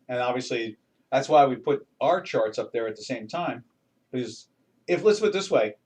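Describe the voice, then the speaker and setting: An older man hosts a live trading session, walking through his charts in a loose, folksy ramble full of restarts. His voice sits at a middling pitch and sounds a little distant from the microphone. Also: darkish tone. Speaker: trading webinar host. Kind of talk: casual live market commentary.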